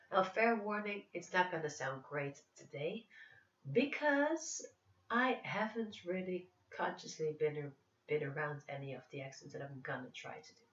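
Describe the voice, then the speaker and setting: A woman vlogger with an American accent tinged with Dutch and English, chatting to camera in a blunt, playful way. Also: on the low side. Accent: American with Dutch and English traces. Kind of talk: casual chat to camera. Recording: echoey room, distant mic, dull sound.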